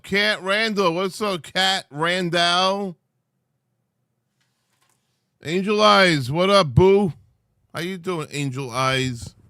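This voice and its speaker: A man's voice: a little high, pushed and bright, no echo, clean studio sound. A sleepy man hosting a livestream, chatting loosely with viewers and teasing them. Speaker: livestream host. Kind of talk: casual livestream chat.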